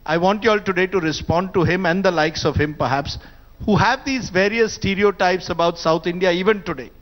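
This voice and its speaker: High-voiced male panel moderator, brisk and pressing. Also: a bit bright, rough recording.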